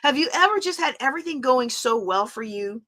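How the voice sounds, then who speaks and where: A woman's voice: high voice, animated, a little fast, a bit bright. A middle-aged woman, hosting a livestream and candidly telling a personal story with open emotion. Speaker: host. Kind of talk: casual livestream talk.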